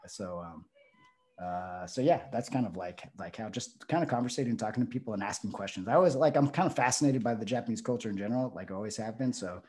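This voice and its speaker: Deep voiced wrestler guy rambling thru an interview, lots of like and you know. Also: fast talker, a little mellow. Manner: rambling, lots of fillers and restarts. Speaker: guest, pro wrestler. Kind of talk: casual interview talk.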